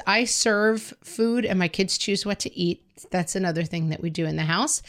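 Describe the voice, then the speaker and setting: A woman in her fifties talks frankly and candidly through a listener's question, in a relaxed, conversational way. Her voice sits at an ordinary middle pitch. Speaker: podcast host answering a listener question. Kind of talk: casual advice talk.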